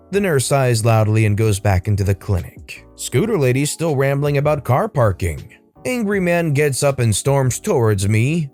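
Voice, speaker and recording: A man's voice: mid-range voice, lively intonation, normal speed, a little mellow, soft background music. A man hosting a storytime channel, reading Reddit stories aloud in a conversational way. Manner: friendly, conversational sign-off.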